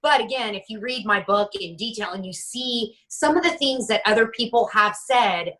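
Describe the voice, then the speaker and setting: A woman in her forties speaks candidly as an interview guest, her voice bright and forceful. She stops and restarts often, then livens up to act out the lines of people in her stories. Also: on the high side, rough recording. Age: 40s. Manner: halting, many restarts, lively quoting of others. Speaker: guest author.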